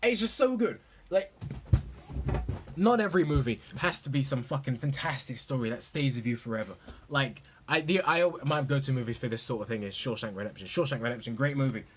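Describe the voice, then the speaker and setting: A young man ranting about movies in a profane, excitable, rambling way. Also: mid-range voice, a little fast, husky. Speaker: movie vlogger. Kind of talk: casual ranting commentary.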